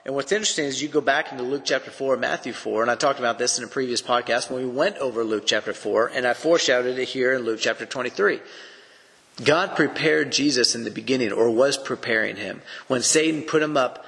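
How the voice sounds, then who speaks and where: A man's voice: medium pitch, quick pace, vocal fry, a bit bright, big-room sound. A man teaching through a Bible passage on a podcast. He speaks earnestly in a preacherly way and poses rhetorical questions.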